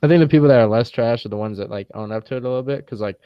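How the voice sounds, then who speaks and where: Young male co-host, relaxed storyteller, laughs easily; smooth tone on a slightly muffled, lo-fi mic. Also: medium pitch, racing, no echo. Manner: laid-back storyteller, slangy, laughs often. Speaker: podcast co-host. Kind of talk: casual chat.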